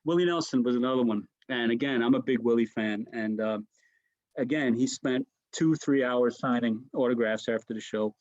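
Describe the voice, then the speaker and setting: A man's voice: medium pitch, moderate pace, no echo, muffled recording. A man, a comedian, telling anecdotes in a casual interview, restarting sentences and tossing in "right?" asides. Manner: animated storyteller, frequent restarts and "right?" asides. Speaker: comedian guest.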